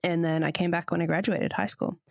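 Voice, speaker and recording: A woman's voice: brisk, gravelly, no echo, clean studio sound. Woman in her thirties with an international accent. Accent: mixed international, Papua New Guinea upbringing. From Australia. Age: 30s. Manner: chatty, laughs easily, animated pitch jumps. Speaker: podcast co-host. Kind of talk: casual chat.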